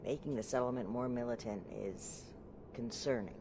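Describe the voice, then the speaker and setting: A man voicing a cautious military paladin in video game dialogue, speaking in a measured, commanding way. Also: medium pitch, background noise, natural voice.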